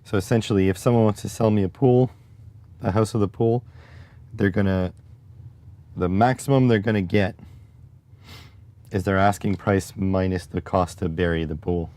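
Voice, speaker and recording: A man's voice: deep voice, steady tone, normal speed, long pauses, warm tone. A man hosting a casual livestream, talking in a rambling, wry, conversational way and answering his chat. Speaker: livestream host.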